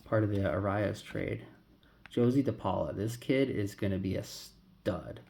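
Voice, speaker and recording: With a lowish, creaky, dark voice and an unhurried pace, a card collector vlogger casually narrates a pack opening. He rambles and calls out names as he flips through the cards.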